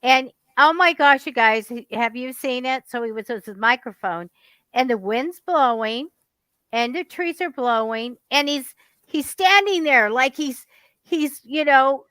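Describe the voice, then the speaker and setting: Bright high-voiced woman. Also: unhurried, no room sound. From United States. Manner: animated storyteller, laughs often. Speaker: guest psychic. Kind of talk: casual chat.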